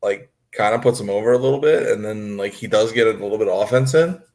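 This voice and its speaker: A man co-hosting a podcast, chatting about wrestling in a relaxed, hedging way with lots of fillers. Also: lowish voice, fast. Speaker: podcast co-host. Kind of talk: casual wrestling chat.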